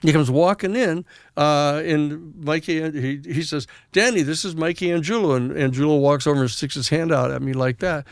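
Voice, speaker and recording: A man's voice: on the high side, normal speed, gravelly, no room sound, clean studio sound. A man in his seventies, a podcast guest, telling a story in a casual way and acting out what other people said. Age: 70s. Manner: animated storyteller who acts out others' dialogue.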